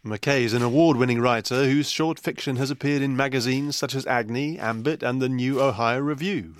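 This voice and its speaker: A man with a mid-range voice speaks at a normal pace in a steady tone. He hosts a literary podcast, interviewing his guest with curious, gently teasing questions.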